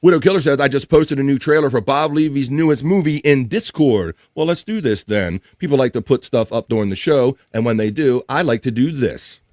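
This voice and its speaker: A man's voice: mid-range voice, fairly quick, hardly any pauses, a little mellow, no room sound. A man hosting a live stream, chatting casually and reading viewer comments aloud.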